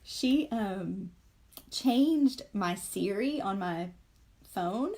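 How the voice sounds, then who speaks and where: A woman's voice: mid-range voice, lively intonation, drawn-out words, darkish tone. A woman, in her forties, hosting a casual live stream while she paints, rambling with many fillers and asides to her viewers.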